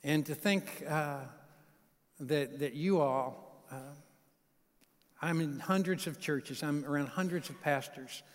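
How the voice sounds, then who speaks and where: A man's voice: on the high side, slow pace, pauses often. A man in his fifties, a guest pastor preaching and telling a folksy story to a church congregation. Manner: folksy, warm storytelling with audience asides. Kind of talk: sermon with storytelling. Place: large church sanctuary. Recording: live church hall reverb.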